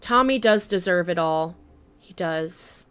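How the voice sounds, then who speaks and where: A woman's voice: fairly low pitch, expressive, measured pace, a bit bright, clear, resonant tone. A woman in her twenties chatting casually on a live gaming stream, reading chat aloud and talking to her cat. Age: 20s.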